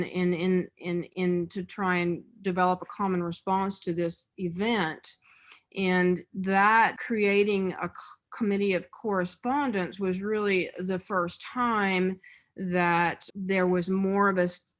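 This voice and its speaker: Lady teaching a church adult class, low voice, pretty flat, lots of um and uh. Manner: explanatory, frequent fillers and restarts. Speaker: adult forum leader. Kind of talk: church adult-education lecture.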